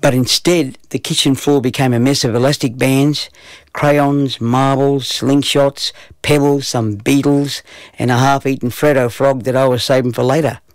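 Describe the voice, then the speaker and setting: A man's voice: medium pitch, little pitch movement, moderate pace, no echo. A man telling a playful children's story. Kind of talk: storytelling narration.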